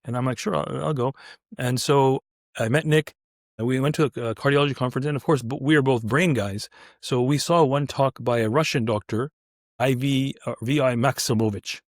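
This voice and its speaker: A man's voice: medium pitch, a little fast, no echo, clean studio sound. A man, a surgeon, telling a story casually and acting out the dialogue with quoted voices, often restarting his sentences. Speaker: neurointerventional surgeon, podcast guest.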